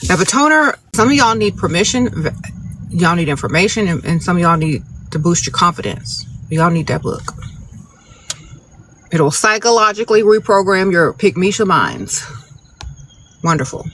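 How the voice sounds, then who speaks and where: A man's voice: high-pitched, expressive, normal speed, pauses often, a bit bright, slight background noise. A man hosting a live phone stream outdoors, reading out viewer questions and giving blunt, sassy, no-nonsense relationship advice straight to the audience. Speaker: advice-giving livestream host. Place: outdoors, birds nearby.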